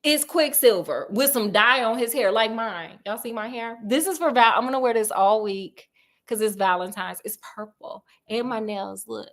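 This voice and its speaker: A woman's voice: a little high, moderate pace, fairly bright tone. A woman casually retelling a classic detective story in a chatty, slangy, joking way, often interrupting herself.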